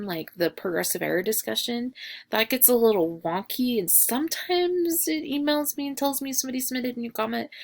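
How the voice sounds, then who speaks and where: A young adult woman teacher, talking casually to her class in a recorded message, with lots of fillers and warmth toward her students. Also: mid-range voice, gravelly. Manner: chatty, filler-heavy and affectionate.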